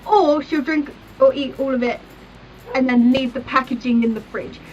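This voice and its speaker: High-voiced girl ranting. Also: moderate pace, a little hiss or hum. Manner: animated, exaggerated, acts out little scenes. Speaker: vlogger. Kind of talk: chatty comedic rant. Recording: dull, distant, faint music.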